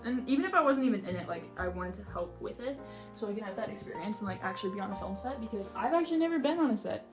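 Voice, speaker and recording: A young woman vlogger chatting casually and with strong opinions, filling her talk with "like", while she reorganizes a bookshelf at home. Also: mid-range voice. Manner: chatty, heavy use of "like", opinionated rants. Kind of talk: casual chat. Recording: roomy echo, faint music behind.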